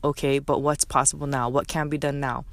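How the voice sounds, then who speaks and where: A woman's voice: a bass voice, level tone, fairly quick, no room sound. A woman hosting a podcast, talking alone in a candid, motivational way, coaching herself aloud. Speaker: podcast host. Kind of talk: solo motivational podcast talk.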